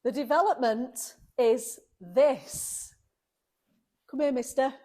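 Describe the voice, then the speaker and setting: A woman's voice: sits high, takes it slowly, mellow. A woman vlogging a car restoration, chatting emotionally and laughing often. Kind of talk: casual chat to camera.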